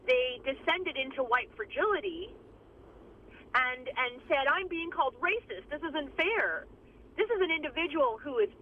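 A woman's voice: high-pitched, a little hiss or hum. A woman speaking emphatically as an interviewee, with many restarts. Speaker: interviewee, community advocate. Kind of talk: recorded interview over phone. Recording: tinny phone line.

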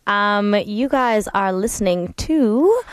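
Relaxed woman co-hosting college radio. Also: mid-range voice, slow, clean tone. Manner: chatty, relaxed, often laughing. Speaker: co-host of a campus radio music show. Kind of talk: casual radio chat.

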